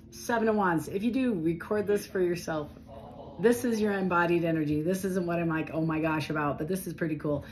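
A woman giving a casual, animated tarot reading, talking straight to her viewers in a chatty way. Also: lowish voice, slight background noise, low-quality recording. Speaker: tarot reader.

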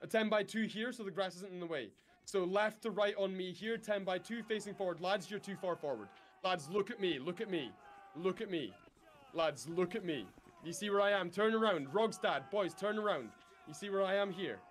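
A man's voice: high voice, moderate pace. A man in game voice chat, leading his squad with bossy drill-sergeant orders. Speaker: player leading a unit in voice chat.

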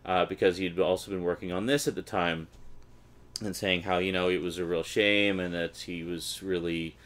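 Opening a package, a Canadian man reads the blurbs aloud with mock enthusiasm, chatty and wry. His low voice is a bit bright, fairly even in intonation, at a moderate pace.

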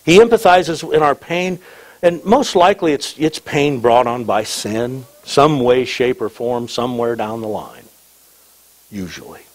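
A man preaching a sermon as pastor, reading scripture aloud with slow emphasis and dropping in light, humorous asides. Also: medium pitch, expressive, rough recording.

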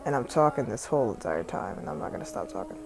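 A woman's voice: very deep voice, expressive, fast talker, creaky, a little mellow, faint music behind. A young Southern woman from South Carolina, casually narrating a phone screen-recording tutorial in a rambling, profane, chatty way. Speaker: tutorial vlogger and music artist. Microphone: phone microphone.

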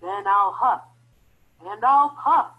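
A woman voicing a big bad male wolf in a storybook reading, with loud, blustering threats. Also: mid-range voice, takes it slowly, phone-quality sound, close to an everyday voice. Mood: roaring threats.

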